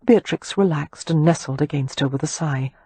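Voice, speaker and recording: A woman narrating an audiobook in an expressive storytelling manner. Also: deep voice, moderate pace, slightly rough, no room sound. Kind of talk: scripted narration.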